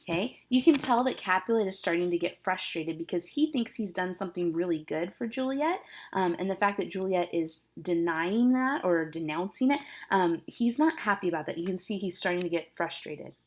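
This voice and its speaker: A woman's voice: on the low side, animated, a little fast, few pauses. A woman English teacher explaining a scene to her class in a chatty, casual way, using fillers and a wry tone.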